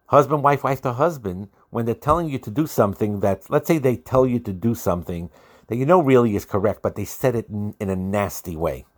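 A man with a fairly low voice gives an earnest Torah lecture on married life. He circles back over his points and repeats words as he builds them, dropping Hebrew and Yiddish terms into plain spoken English. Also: expressive, brisk. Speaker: Torah teacher.

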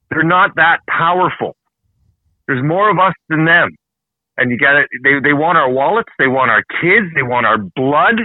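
A man from Canada hosting a heated political talk show, ranting fast and swearing often. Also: on the high side, no room sound. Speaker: show host. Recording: dry, phone-like narrow sound.

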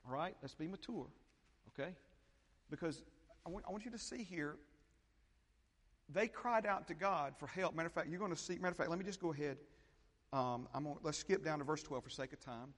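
A man preaching a sermon as pastor, animated, often repeating phrases and checking in with his congregation. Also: fairly high pitch, fast. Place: church sanctuary. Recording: long hall reverb.

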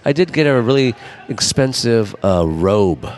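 A man's voice: mid-range voice, animated, moderate pace, darkish tone, a little hiss or hum. A middle-aged man co-hosting a talk show, telling rambling stories in casual chat, laughing often and acting out what people said. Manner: rambling storyteller, acts out quotes, laughs often. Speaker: podcast co-host.

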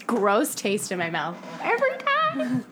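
A woman's voice: medium pitch, wildly swooping pitch, measured pace, heavy background noise. A woman co-hosting a casual book chat, playful, reacting dramatically and swearing casually. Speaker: podcast co-host. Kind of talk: casual chat about books.

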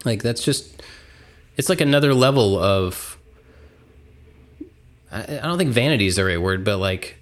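A man with a lowish voice talks casually with a friend on a podcast. He is easygoing and reflective, working through his thoughts as he speaks. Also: expressive, moderate pace, pauses often. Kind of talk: casual chat.

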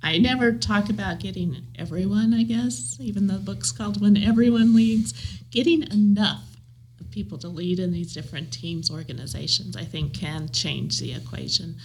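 A woman's voice: mid-range voice, normal speed, a little mellow, slight background noise, low-quality recording. A woman with an American Midwestern accent, answering interview questions in a reflective, earnest way. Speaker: guest, leadership trainer.

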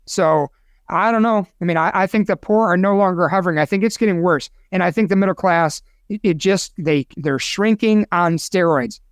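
A man's voice: high-pitched, moderate pace, smooth, no echo, studio quality. A man co-hosting a casual podcast chat, opinionated and rambling, getting himself worked up. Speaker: co-host.

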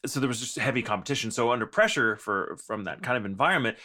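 A man's voice: mid-range voice, expressive, fast talker, sharp tone. A man from Texas speaking in an affected mid-Atlantic accent, co-hosting a podcast in casual, theatrical chat and laughing often. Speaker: podcast co-host.

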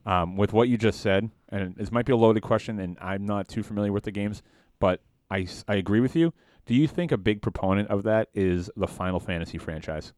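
A man's voice: on the low side, brisk, a little mellow, dry recording, clean studio sound. A young man co-hosting a casual podcast, blunt and sardonic, cutting in with questions. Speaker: podcast co-host. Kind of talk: casual chat.

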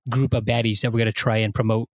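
A man in casual conversation about a movie, retelling scenes in a rambling, animated way with many fillers and restarts. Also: mid-range voice, fast talker, no room sound. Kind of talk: casual chat.

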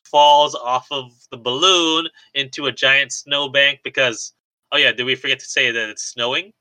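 A man's voice: medium pitch, fairly even intonation, normal speed, sharp tone, no echo, poor audio. A man co-hosting a podcast, casually recapping a film plot with lots of fillers. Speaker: podcast co-host. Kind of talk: casual movie recap chat.

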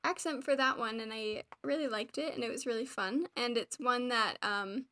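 A woman's voice: a little high, moderate pace, bright, forceful tone. A woman cast member of a podcast chatting casually, rambling as she tells a story. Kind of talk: casual chat.

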